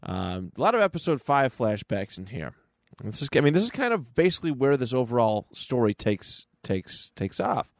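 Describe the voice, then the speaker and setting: A man's voice: mid-range voice, sing-song, moderate pace, vocal fry, no room sound. A man co-hosting a podcast, recapping a comic book in a casual, rambling way on a close mic. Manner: casual, with frequent fillers and restarts. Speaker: podcast co-host.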